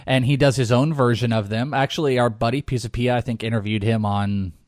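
A man's voice: mid-range voice, steady tone, fairly quick, dry recording, clean studio sound. A man co-hosting a podcast in casual, joking chat, rambling and laughing. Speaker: podcast co-host.

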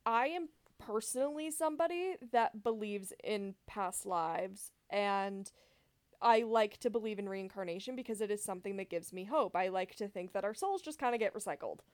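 A woman's voice: medium pitch, animated, normal speed, clean tone, no echo. A woman co-hosting a podcast in casual chat, rambling with lots of fillers and self-corrections. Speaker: podcast co-host.

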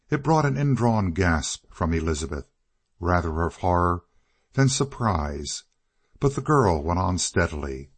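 A man reading a novel aloud as an audiobook narrator, in measured, steady storytelling. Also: low-pitched, husky, no room sound. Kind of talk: scripted narration.

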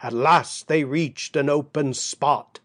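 A male narrator reads a classic tale in slow, measured tones. His voice sits slightly high for a man. The recording is dry and close, with no room sound. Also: fairly even intonation, dry recording. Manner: measured, deliberate storytelling. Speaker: audiobook narrator. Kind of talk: scripted narration.

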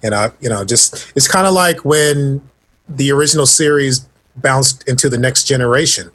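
A man's voice: medium pitch, moderate pace, a bit bright. A man chatting casually on a podcast, laid-back and fond of jokes and puns. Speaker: podcast co-host. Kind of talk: casual chat.

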